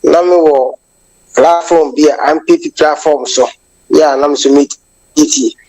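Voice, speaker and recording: A woman's voice: sits low, steady tone, moderate pace, dark tone, no echo, low-quality recording. A Ghanaian woman calling in to a radio show, delivering a long impassioned monologue that switches between English and Twi. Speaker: caller. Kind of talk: phone-in political commentary.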